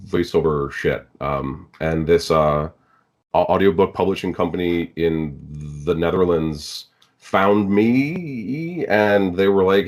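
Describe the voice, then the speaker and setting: A man, a guest actor and audiobook narrator, chatting casually on a podcast, halting and stammering at times and swearing freely. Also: low-pitched, a little mellow.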